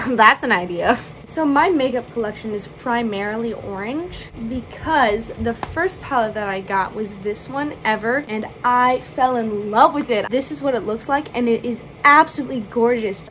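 A woman's voice: medium pitch, noisy background. A woman vlogger talking through a makeup challenge in a bubbly, playful way, with chatty asides.

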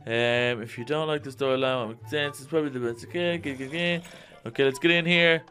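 A man giving let's-play commentary, jittery and excitable, talking straight to his viewers. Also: medium pitch, fast talker, faint music behind. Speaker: gaming YouTuber.

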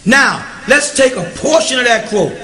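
High-voiced man teaching an emphatic class. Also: lively intonation, normal speed, bright, forceful tone, reverberant, a little hiss or hum. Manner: emphatic, often checks with the audience. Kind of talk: recorded question-and-answer class.

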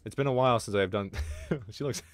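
Excitable young man streaming a game. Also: lowish voice. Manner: excitable, swearing, quick outbursts of frustration. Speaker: livestreamer. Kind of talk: casual gaming livestream commentary.

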